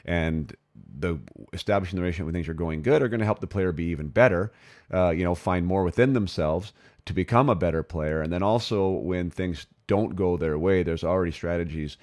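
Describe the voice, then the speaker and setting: A man's voice: low-pitched, a little fast, darkish tone, no echo, clean studio sound. A man hosting a casual podcast interview, talking informally with frequent restarts. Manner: rambling, informal, with many restarts. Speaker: podcast host.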